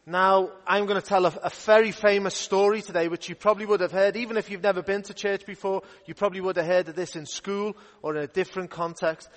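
Young youth minister, playful kids' story voice, pretty high, big echoey church hall. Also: male voice, fairly even intonation, fast talker, hardly any pauses, fairly bright tone. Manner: playful, upbeat storytelling to children. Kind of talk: children's Bible story talk. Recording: echoey hall with long reverb.

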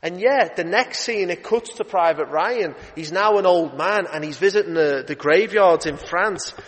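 Man preaching in an echoing hall. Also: moderate pace. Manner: lively, emphatic, rising to urgent pitch. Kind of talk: evening sermon. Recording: long hall reverb.

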